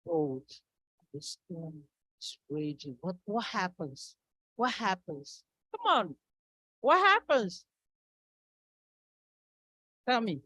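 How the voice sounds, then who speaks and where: Woman, children's story at church, slow, dry close sound, quizzes the kids. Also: lowish voice, husky, no room sound, rough recording. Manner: animated, asks children questions.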